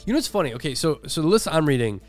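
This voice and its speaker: Animated, laughing man in casual podcast chat. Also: on the high side, racing, soft background music. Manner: animated, laughs often, acts out quoted voices. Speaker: podcast co-host.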